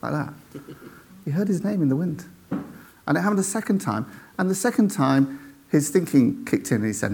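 A man tells a faith story to an audience, animated and acting out the voices of the people in it. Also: a little high, normal speed, gravelly, breathy edge. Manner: animated, acts out quoted voices, checks in with "right?".

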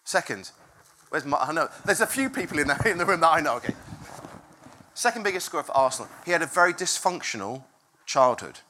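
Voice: medium pitch, lively intonation, a little fast, bright, forceful tone, a little hiss or hum. A preacher telling a story to a congregation in an informal sermon, chatty and self-interrupting, often laughing. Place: room with a congregation.

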